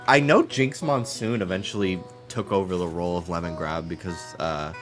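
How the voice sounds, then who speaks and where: Stuffy-nosed low-voiced man streamer. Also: moderate pace, music in the background. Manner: rambling, chatty, swears freely. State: stuffy nose. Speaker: game streamer. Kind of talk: casual chat while streaming a game.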